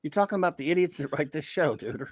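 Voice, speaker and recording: A man's voice: on the high side, lively intonation, fast talker, husky, no echo, studio quality. A man in casual chat as a podcast co-host, blunt and sarcastic.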